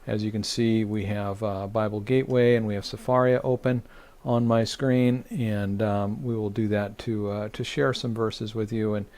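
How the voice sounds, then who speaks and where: A man teaching a weekly online Torah study as rabbi, speaking haltingly with many fillers and restarts. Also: on the low side, fairly even intonation, darkish tone. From United States.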